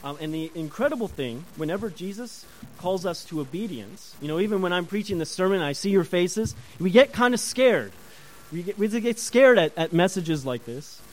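A man preaches a sermon in a high, lively voice that rises and falls widely. He talks with his congregation and asks them questions as he goes. A faint hiss sits under the recording. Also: rough recording. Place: church before a congregation.

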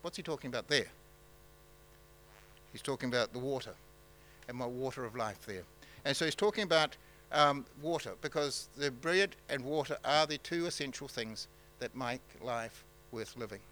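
A man preaching a sermon in a halting, conversational way, with many fillers and restarts. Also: medium pitch, sharp tone, poor audio. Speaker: pastor.

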